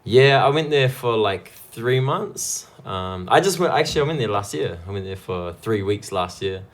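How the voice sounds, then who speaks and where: A man's voice: lowish voice, animated, moderate pace. A young man, a kickboxer guest chatting casually on a podcast, laughing often and swearing freely. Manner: laid-back, laughs often, swears a lot.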